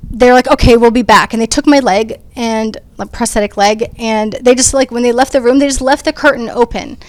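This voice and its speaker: Earnest woman, higher voice. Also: dry recording. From United States. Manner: earnest, conversational, frequent ums and restarts. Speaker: panel speaker. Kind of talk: personal testimony in a panel discussion.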